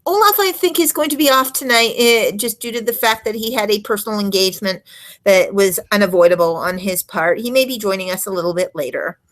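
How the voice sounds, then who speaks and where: A woman hosting an interview show, halting and filling pauses with uh. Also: medium pitch, rough recording. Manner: halting, with many fillers. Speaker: show host.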